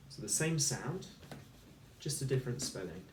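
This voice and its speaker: A man teaching a recorded phonics lesson for children, speaking slowly and clearly and sounding out each letter and word. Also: mid-range voice, lively intonation, darkish tone, a little hiss or hum. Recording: echoey room, voice a little far from the mic.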